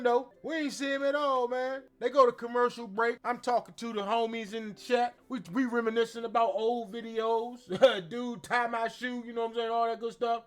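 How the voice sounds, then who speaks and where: A man's voice: extremely high pitch, fairly bright tone. A man giving a casual, slangy recap of a wrestling show as host, acting out quotes in exaggerated voices.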